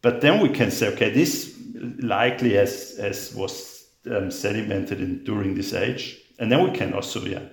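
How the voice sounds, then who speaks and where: A man explaining rock dating as a guest in a conversation, halting and repeating his words with many fillers. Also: on the low side, gravelly, echoey room. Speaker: geologist guest.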